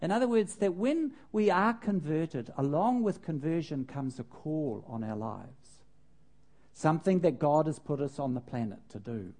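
An older man, a preacher, telling a personal story in a sermon with animated, self-mocking humor and laughing at himself. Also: on the high side, moderate pace.

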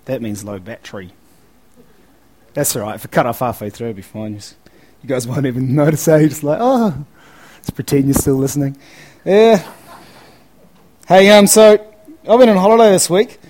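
Speaking at a moderate pace with frequent pauses, this New Zealand man has a slightly high, somewhat mellow voice and the audio is poor. He holds a handheld mic right up to his mouth while chatting easily with a live crowd. His relaxed banter is full of fillers, especially "eh" and "man."

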